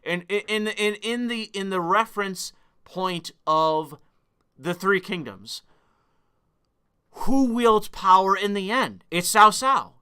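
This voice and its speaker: A man's voice: high voice, lively intonation, bright, forceful tone, smooth. A man live-streaming, talking at length and arguing with his chat, swearing freely and combative. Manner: profane, combative, quick to argue with chat.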